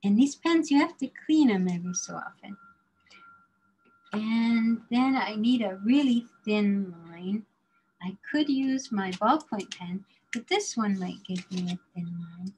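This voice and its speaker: A woman teaching a drawing class, explaining slowly and carefully while she demonstrates, now and then murmuring to herself as she works. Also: on the high side, expressive, darkish tone, husky, rough recording. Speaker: design drawing instructor.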